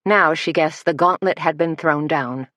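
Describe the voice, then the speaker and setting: Woman audiobook narrator, low voice, dry close sound, measured. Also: a bit bright, no echo. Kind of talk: scripted narration.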